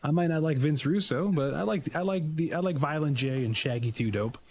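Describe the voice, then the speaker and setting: A man's voice: fairly high pitch, fairly quick, a little mellow, slight background noise. A man co-hosting a podcast, talking in a laid-back way with hesitant restarts. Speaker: podcast co-host. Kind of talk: casual wrestling chat.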